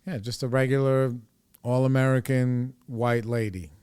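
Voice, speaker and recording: A man's voice: mid-range voice, steady tone, moderate pace, darkish tone, smooth, no echo, clean studio sound. A man in his forties hosting a podcast, telling a personal story in a rambling, candid, profane way. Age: 40s. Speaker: podcast host.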